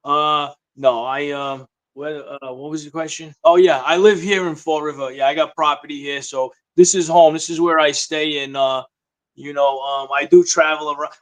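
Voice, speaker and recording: A man with a Massachusetts accent chats casually as a rapper guest, joking and laid-back. His voice sits a little high for a man, and he rambles a bit, dropping asides and deadpan gags. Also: normal speed. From Massachusetts, USA. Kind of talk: casual interview chat.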